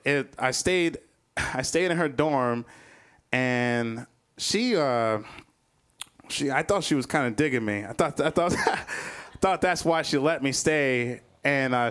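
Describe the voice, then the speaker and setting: A man telling a personal story live, animated, chuckling between lines and acting out other people's voices. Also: medium pitch, measured pace, clean tone. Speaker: storyteller, comedian.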